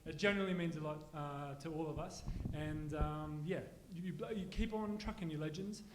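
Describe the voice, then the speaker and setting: A man's voice: on the high side, a little fast. A man doing stand-up, chatting with the audience in a laid-back, friendly way. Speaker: stand-up comedian. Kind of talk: stand-up crowd work. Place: comedy venue with small audience. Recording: echoey live venue with clear noise.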